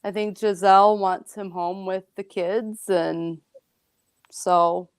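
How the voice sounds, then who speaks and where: A woman's voice: mid-range voice, fairly even intonation, slow, clear, resonant tone, no room sound, clean studio sound. A woman guest on a casual sports podcast, talking earnestly and getting emotional about her favorite player. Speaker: guest commentator.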